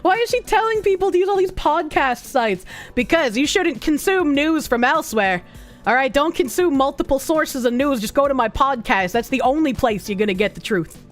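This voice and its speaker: A woman's voice: high voice, animated, normal speed, faint music behind. A young woman with a Boston accent, streaming and reacting to videos with crude, sarcastic, rambling commentary.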